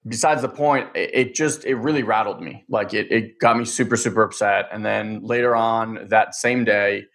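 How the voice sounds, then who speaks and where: A man's voice: lowish voice, moderate pace, fairly bright tone. A man in casual chat, telling a personal story candidly, rambling with many fillers.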